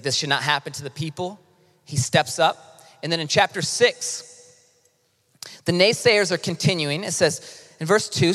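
A male pastor preaching a sermon with impassioned delivery, swinging from quiet to loud emphasis. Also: fairly high pitch. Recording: long hall reverb.

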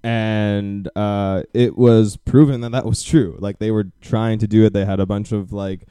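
Low-voiced rambling male podcast host. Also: level tone, unhurried, mellow, smooth, no room sound. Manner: rambling, many fillers and restarts. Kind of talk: casual chat.

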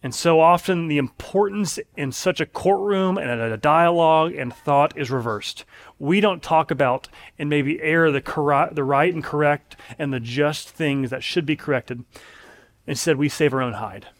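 Earnest man preaching, fairly high voice. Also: moderate pace. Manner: earnest, emphatic preaching with repeated phrases. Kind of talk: sermon.

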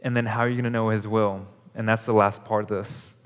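A man's voice: fairly low pitch, flat delivery, fairly quick, clear, resonant tone. A male pastor preaching a sermon at a church service, in an earnest, conversational way that repeats its phrases for emphasis. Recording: long hall reverb.

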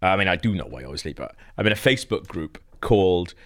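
A man's voice: low-pitched, animated, quick pace. A young man co-hosting a casual comedy chat, rambling with lots of laughs and teasing asides. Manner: rambling, laughs often, stirs the pot. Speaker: podcast co-host.

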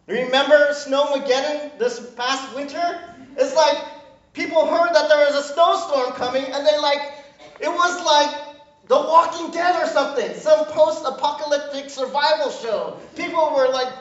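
A man's voice: very high-pitched, normal speed. A male pastor preaching a sermon, joking and acting out voices, recorded from a distance in a church. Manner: animated, jokey, acts out voices of God and people. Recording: distant, echoey, muffled hall mic.

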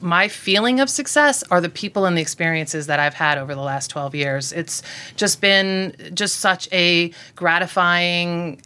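Woman in her 40s, raspy, bright forceful tone, lowish pitch, relaxed storyteller. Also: measured pace. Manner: relaxed storytelling with many um fillers. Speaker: guest, blog founder. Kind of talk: podcast interview conversation.

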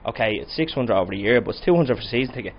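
A man's voice: medium pitch, animated, muffled recording, crowd noise. A man, a fan arguing persuasively in an interview outdoors. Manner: rapid, persuasive reasoning. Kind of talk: casual interview answers.

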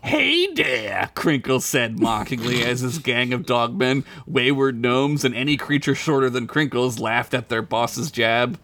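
A man's voice: medium pitch, steady tone, unhurried, few pauses, fairly bright tone, no room sound. A man narrating a crude comedic tale on a podcast, often breaking into laughter at his own jokes. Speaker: podcast storyteller.

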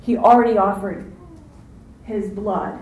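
A woman preaching a sermon, lively and acting out the voices in the story, calling on her listeners to answer back. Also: mid-range voice, slow, reverberant, a little hiss or hum, rough recording. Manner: animated, acts out quoted voices, asks audience to respond.

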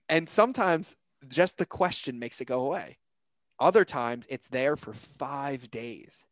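A man's voice: medium pitch, expressive, a little slow, dry recording. A man with a mid-range voice speaks earnestly in a reflective podcast chat, casual and searching, leaning on fillers like "like" and "right?". The sound is dry and close, with little room around it.

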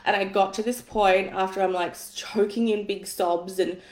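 Female coach, candid storyteller, casual cursing, mid pitch, roomy echo. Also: fairly even intonation, normal speed, darkish tone. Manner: frank and chatty, swears casually, laughs through the story. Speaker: money mindset coach. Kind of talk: candid personal storytelling in an online course. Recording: echoey room.

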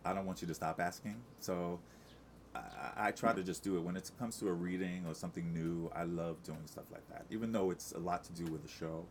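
Middle-aged man, very low voice, rambling chatty guest with faint hiss behind. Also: steady tone, fairly quick. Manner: chatty, rambling with many restarts and fillers. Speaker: Broadway actor, guest. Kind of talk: casual interview chat.

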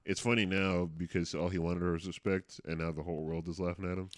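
An easygoing man co-hosting a podcast, dry and unhurried, filling his thoughts with "like". His voice sits very low, and the room sounds dead and close. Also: steady tone, no echo. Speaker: podcast co-host. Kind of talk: casual chat.

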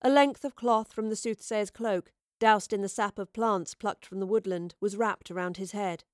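A woman narrating a fantasy audiobook in a measured, steady storytelling voice. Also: mid-range voice, no echo. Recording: dry close recording.

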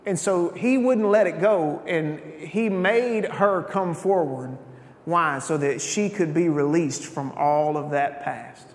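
A man preaching a sermon in a conversational, storytelling way, with asides to the congregation. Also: slow. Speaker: pastor. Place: church sanctuary. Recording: echoey church hall, faint rumble.

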